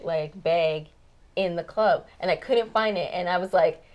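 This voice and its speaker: Woman guest musician, low-pitched, rambling storyteller, casual chat in a studio lounge. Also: unhurried, highs cut off. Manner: chatty storyteller, many fillers like "like" and "um".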